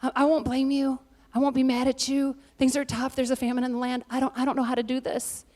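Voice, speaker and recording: Woman preacher as a despairing older widow, quiet and halting, out of answers. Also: sits high, expressive. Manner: soft, faltering, stammering.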